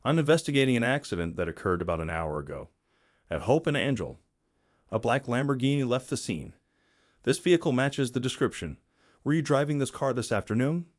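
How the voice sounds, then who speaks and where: A man voicing a calm police officer who speaks formally and politely, in a procedural way. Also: mid-range voice, brisk, no echo, studio quality, close to an everyday voice.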